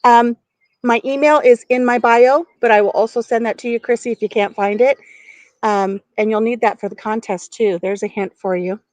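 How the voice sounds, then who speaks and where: A woman's voice: fairly high pitch, fairly even intonation, moderate pace, darkish tone, no room sound. A middle-aged woman chatting casually on a live stream from outdoors on her farm porch, giggling and talking to viewers by name.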